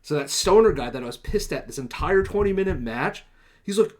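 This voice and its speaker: A man's voice: on the high side, expressive, a little fast. A young man rambles through a gaming story on a casual podcast, dropping fillers and curses as he goes. He jumps into a livelier voice whenever he quotes someone, then settles back into easy chat. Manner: acts out quoted lines in a livelier voice. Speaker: podcast host.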